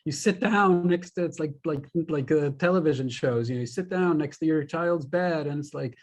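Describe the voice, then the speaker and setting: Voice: mid-range voice, moderate pace. A host asking a long, rambling question on a video call, thinking aloud along the way. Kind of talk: conversational interview questions.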